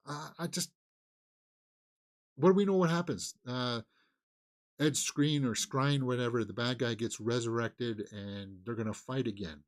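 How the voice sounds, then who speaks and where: A man's voice: medium pitch, a little slow. A man hosting a casual movie news channel, talking off the cuff with many fillers, restarts, sighs and chuckles.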